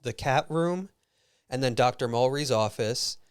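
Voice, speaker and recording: A man's voice: medium pitch, a little slow, clear, resonant tone. A man co-hosting a podcast who chimes in briefly with details in casual chat. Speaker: podcast co-host.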